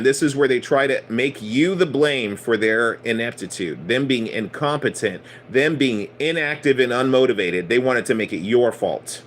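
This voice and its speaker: A male spiritual teacher preaching in a loose, conversational way, with an average-pitched voice. He swears freely and drives home each point by repeating it. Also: expressive, moderate pace, hardly any pauses, a little hiss or hum. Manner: blunt, profane, emphatic preaching. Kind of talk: casual sermon.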